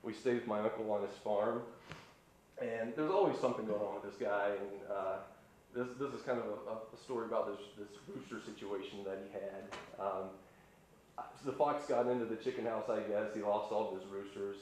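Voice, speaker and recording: A man's voice: fairly low pitch, steady tone, fairly quick, darkish tone. Man, stand-up comic, laid-back rambling delivery, echoey live room. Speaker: stand-up comedian. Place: live studio stage. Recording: roomy live stage sound with faint noise.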